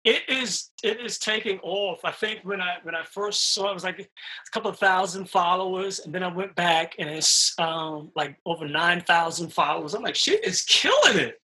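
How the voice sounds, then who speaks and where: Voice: medium pitch, steady tone, moderate pace, sharp tone, breathy edge. An interview host chatting casually, enthusiastic and playful with the guest.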